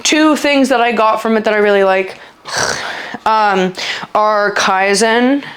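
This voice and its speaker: Woman, vlogger, middle pitch, casual storytelling, rambling, lots of filler words, halting, trails off. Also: a bit bright. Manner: halting, trailing off when upset.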